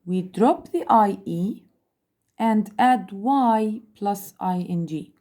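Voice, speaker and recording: A woman teaching an English grammar lesson, speaking slowly, repeating words and spelling out letters. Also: mid-range voice, mellow. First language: Arabic. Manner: slow, repeats and spells out letters, switches into Arabic to explain.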